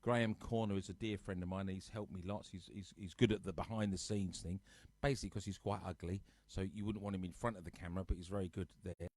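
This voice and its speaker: A man's voice: low-pitched, steady tone, fast talker, a little mellow, dry recording. A man casually chatting to live viewers on his home sofa show, teasing them and reading out their comments. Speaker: host of a live-streamed music show.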